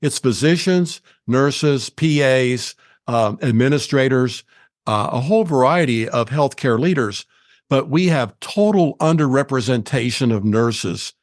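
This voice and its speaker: A middle-aged man hosting an interview podcast, explaining things in a measured way with small restarts. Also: medium pitch, animated, no echo, clean studio sound. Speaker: podcast host. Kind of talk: conversational interview.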